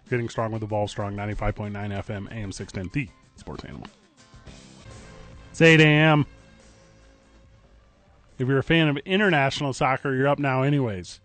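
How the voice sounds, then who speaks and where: A man's voice: medium pitch, fairly bright tone, no room sound, soft background music. A man hosting a morning sports radio show, bantering and teasing his co-host. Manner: playful, jokey, quick to tease. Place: radio studio. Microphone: studio microphone.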